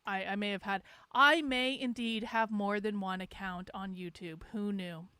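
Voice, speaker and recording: A woman's voice: mid-range voice, fairly even intonation, moderate pace, sharp tone, clear, resonant tone, no room sound, studio quality. A middle-aged woman hosting her livestream, ranting sarcastically and with lots of swearing in a rambling casual chat. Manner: sarcastic, profane, rambling with laughs. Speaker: livestream host.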